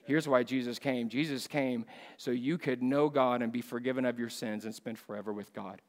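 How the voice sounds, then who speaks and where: Animated man preaching in a reverberant hall. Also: moderate pace. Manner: animated, rising to loud emphatic bursts and dropping low. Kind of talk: sermon. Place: church at a missions conference.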